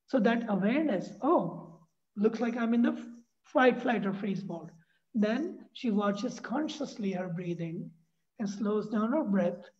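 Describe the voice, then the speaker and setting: A man leading a workshop, explaining ideas in a lively way and acting out anxious inner voices. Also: high-pitched. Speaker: workshop facilitator. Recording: dull lo-fi sound.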